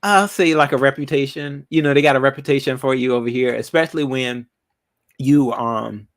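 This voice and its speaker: A man's voice: medium pitch, a little fast. A man hosting a casual live chat with callers, laid-back and rambling, with lots of fillers. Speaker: livestream host.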